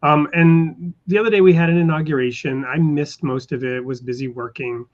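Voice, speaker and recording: A man's voice: on the high side, fairly even intonation. Man hosting, slightly dull recording. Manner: thoughtful, halting with fillers. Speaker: podcast host. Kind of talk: interview conversation.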